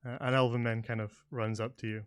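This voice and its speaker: A man narrating a tabletop game as game master in a relaxed, hesitant way. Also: medium pitch, fast talker, clean tone, dry recording, studio quality. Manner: relaxed, hesitant with many "uh" and "kinda".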